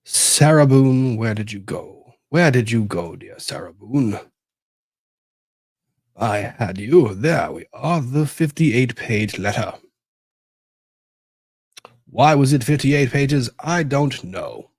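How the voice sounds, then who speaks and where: A man's voice: mid-range voice, animated, takes it slowly, long pauses, a little mellow, slightly rough, no room sound, studio quality. A man hosting casual legal commentary, talking to himself as he hunts for documents and rambles on. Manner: rambling, talks to himself while searching documents. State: disorganized after moving.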